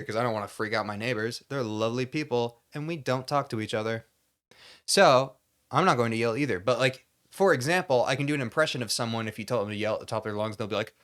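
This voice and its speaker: A man's voice: medium pitch, fairly bright tone. Rambling mock-pompous man. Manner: mock-pompous, rambling, demonstrates overwrought acting bits. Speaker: comedy YouTuber. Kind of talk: satirical monologue to camera.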